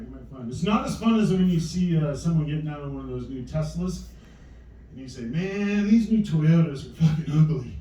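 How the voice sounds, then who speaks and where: Deadpan comedian on a roomy far-off mic. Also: male voice, on the high side, background noise. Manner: dry, rambling storytelling with acted quotes. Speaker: stand-up comedian. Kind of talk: stand-up comedy set. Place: small comedy venue with live audience. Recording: echoey room mic from far off.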